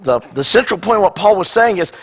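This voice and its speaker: A male pastor with a raspy, hoarse voice, mixing wry self-deprecating jokes with a scripture reading. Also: high voice, animated, quick pace. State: hoarse, coughing. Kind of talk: sermon.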